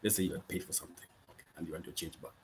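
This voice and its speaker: A man teaching useful phrases in a casual lesson, patiently repeating each one slowly and checking in with frequent okays. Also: sits low, steady tone, slight background noise. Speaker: Swahili language teacher. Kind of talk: casual spoken language lesson.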